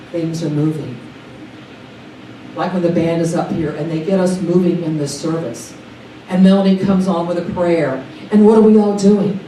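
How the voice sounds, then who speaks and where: A woman giving a sermon at a church service, enthusiastic and animated, with excited exclamations. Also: mid-range voice, a little hiss or hum. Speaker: guest speaker at a church service. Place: large sanctuary during a service. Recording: echoey hall, picked up from a distance.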